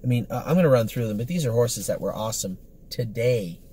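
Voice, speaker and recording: A man's voice: mid-range voice, animated, quick pace, dark tone, a little hiss or hum. A man, a horse trainer, giving a casual, rambling report on the day's training, upbeat and full of fillers and self-corrections.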